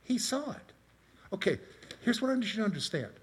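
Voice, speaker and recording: A man's voice: high-pitched, big pitch swings, a little fast, breathy edge. A middle-aged man preaching a conversational sermon, asking his congregation questions and telling personal stories. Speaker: pastor.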